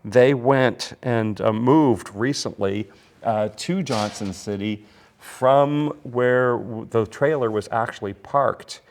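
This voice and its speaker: Speaking slowly in a mid-range voice, a man hosts a casual whiskey tasting chat for his podcast. He rambles like a storyteller and restarts his sentences often.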